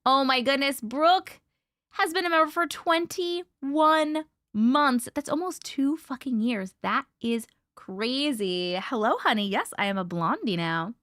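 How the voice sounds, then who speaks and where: A woman with a naturally high voice hosts a casual live chat, bubbly and quick to laugh. Her pitch leaps up and down with lively swings. The sound is close and dry, with no room echo. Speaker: livestream host.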